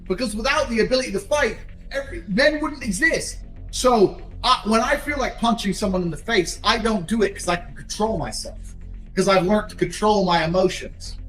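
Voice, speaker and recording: A man giving a blunt, profane motivational talk in a forceful, lecturing manner. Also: high-pitched, roomy sound, poor audio. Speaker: motivational speaker.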